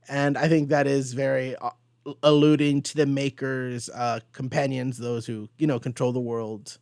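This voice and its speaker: A man's voice: medium pitch, moderate pace, no echo. Young male host, giggly and chatty, acts out comic dialogue, dry close-miked voice. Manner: giggly, animated, recaps with quoted dialogue. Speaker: comic book podcast host. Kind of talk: casual chat.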